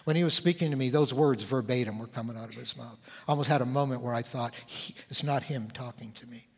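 A man in his sixties, a pastor, telling a personal story in a sermon, conversational and animated, acting out what people said. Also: medium pitch, quick pace, vocal fry, breathy edge. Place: church sanctuary. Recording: long church hall reverb.

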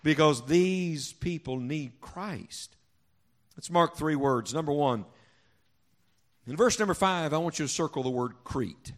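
Pastor guy preaching in church, kinda high voice, asks the crowd questions and has them call back, goes loud then quiet. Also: a little slow. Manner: emphatic call-and-response preaching with rhetorical questions; swings from loud emphasis to quiet, low reflection. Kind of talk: sermon. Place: church sanctuary before a congregation.

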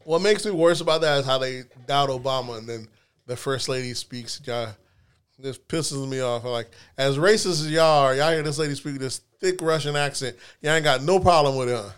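A man hosting a casual podcast chat, talking in slangy, animated rants. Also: medium pitch, moderate pace, clean tone. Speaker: podcast host.

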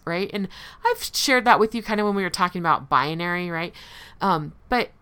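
Candid woman with a bright, smooth voice. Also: lowish voice, a little fast. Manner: candid, conversational, laughs lightly at herself. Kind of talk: personal recovery talk to listeners.

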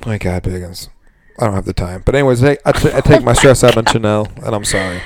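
A man co-hosting a casual podcast, animated and swearing, who mimics customers in high voices. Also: quick pace, a little hiss or hum. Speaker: podcast co-host. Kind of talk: casual chat.

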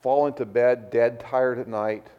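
A middle-aged man preaching a sermon, repeating words as he restarts, telling stories in a lively way. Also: mid-range voice, a little slow, smooth, narrow, tinny audio. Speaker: pastor.

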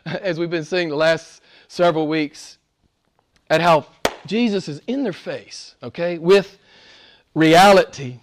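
A man with a fairly high voice delivers a sermon. He preaches emphatically but conversationally, with rising, insistent phrases that alternate with quieter, lower asides. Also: takes it slowly, pauses often. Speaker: pastor.

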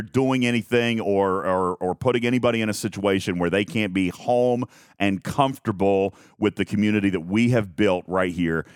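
A man hosting a live stream, talking in a rambling, self-mocking way with lots of halting restarts. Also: on the low side, clean tone, dry recording, clean studio sound. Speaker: host of a live game talk stream. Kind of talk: casual live-stream chat.

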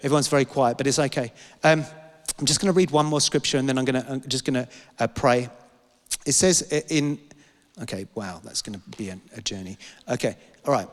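A man's voice: medium pitch, a little fast, big-room sound. A man preaching a sermon with passion, repeating lines and asking rhetorical questions. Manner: impassioned, repetitive, rhetorical questions.

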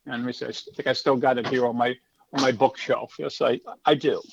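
A man's voice: mid-range voice, steady tone, fast talker, creaky, dull audio, noisy background. A middle-aged man, a stand-up comedy teacher, telling stories in a chatty, rambling, self-assured way during a casual interview.

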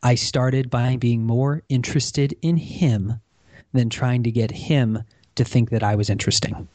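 Animated male storyteller, dry sound. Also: mid-range voice, unhurried, dry recording. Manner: animated storyteller acting out quoted dialogue. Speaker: podcast guest. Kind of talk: conversational storytelling.

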